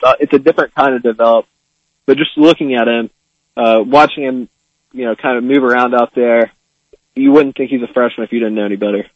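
A man's voice: mid-range voice, no room sound. Young man calling in, muffled line. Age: young adult. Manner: hesitant, many fillers and restarts. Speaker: student contributor calling in. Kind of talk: casual sports talk.

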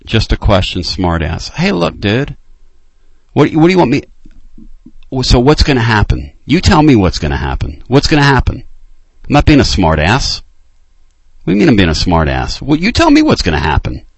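A man hosting a late-night sports call-in show, ranting with fire and dropping to low, intense urging. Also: wildly swooping pitch, moderate pace, breathy edge, no room sound. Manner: fired-up ranting, swinging between loud outbursts and low intense urging. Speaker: sports talk show host.

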